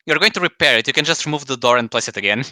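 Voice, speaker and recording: A man playing in a tabletop game, talking quickly and casually with some hesitation. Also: medium pitch, expressive, bright, forceful tone, no room sound. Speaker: player. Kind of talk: casual tabletop role-play.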